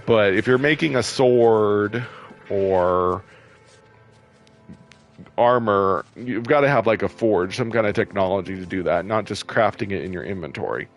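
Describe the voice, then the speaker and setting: A man casually commenting while playing a game, chatty and quick to get irritated, laughing often. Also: fairly low pitch. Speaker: gameplay video host.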